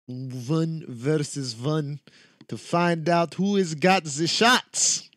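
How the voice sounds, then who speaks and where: A man's voice: on the high side, extremely slow, a bit bright, dry recording, studio quality. A man streaming a shooter game live, chatting casually with loose, profane, joking trash talk. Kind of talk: casual live-stream chat while gaming.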